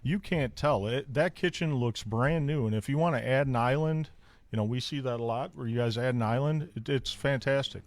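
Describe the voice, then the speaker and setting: A man's voice: mid-range voice, moderate pace, dry recording. A man who runs plumbing crews, vouching enthusiastically for a partner on a radio show. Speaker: plumbing contractor guest. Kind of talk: casual radio talk.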